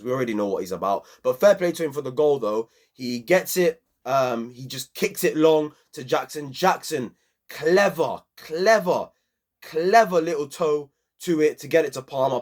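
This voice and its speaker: A young man, giving a passionate, slangy football match review on his own channel. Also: on the high side.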